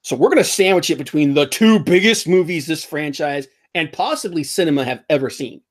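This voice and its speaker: Animated man riffing on movies. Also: on the high side, a little fast. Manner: rambling, animated, laughs while mocking. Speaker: podcast host. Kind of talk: casual pop-culture chat.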